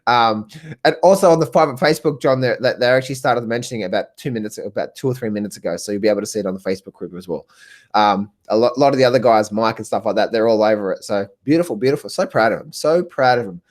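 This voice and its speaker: A man with an Australian accent coaching traders on a live stream. He talks excitedly, repeats himself, laughs often and calls viewers by name. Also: lowish voice, very fast. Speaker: trading coach. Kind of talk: live stream talk answering viewers in chat.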